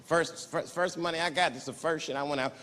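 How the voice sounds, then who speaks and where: A man doing a stand-up comedy routine, animated and loud, leaping into high shouted voices. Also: fast. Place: large theater stage with audience. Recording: live hall recording, audience noise.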